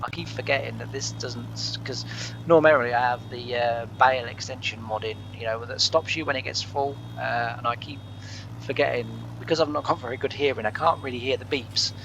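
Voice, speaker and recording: Guy chatting over his farm game, gravelly voice, loose rambly talk with lots of ums, steady hum behind him. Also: medium pitch, moderate pace. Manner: rambling, chuckling, lots of fillers. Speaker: gaming channel host. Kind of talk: casual let's play chat. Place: home living room.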